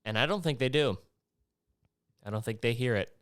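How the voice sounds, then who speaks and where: A man's voice: mid-range voice, moderate pace, fairly bright tone, smooth, no echo, studio quality. A man from Maryland hosting a casual solo podcast, rambling and profane and jumping between topics. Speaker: podcast host.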